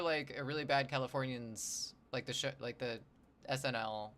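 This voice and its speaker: A man's voice: mid-range voice, fairly even intonation, normal speed, a bit bright. A man streaming his drawing session, rambling and joking with his chat. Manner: rambling, jokey, talks to chat. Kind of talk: casual livestream chat while sketching.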